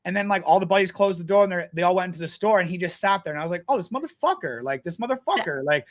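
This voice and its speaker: A young man talks in a casual podcast chat, his voice sitting high for a man. He tells his stories bluntly and swears freely. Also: animated, racing. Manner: blunt, profane storytelling. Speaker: guest.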